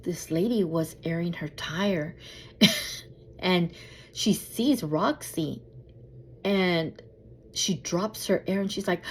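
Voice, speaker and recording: A woman vlogger telling a travel story in a casual way, acting out what people said with a high, lively voice. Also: slow, pauses often, slightly rough. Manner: animated, acts out quotes in a high voice.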